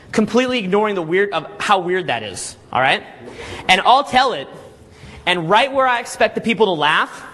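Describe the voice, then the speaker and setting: A man leads a live group seminar in a high, bright voice with a husky, slightly raspy grain. He talks with lively energy, keeps checking in with his listeners, and slips into quick acted-out scenes to make his points. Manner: energetic, peppers talk with "okay?" and "all right?"; acts out little scenes in quick put-on voices. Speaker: dating coach and boot camp instructor.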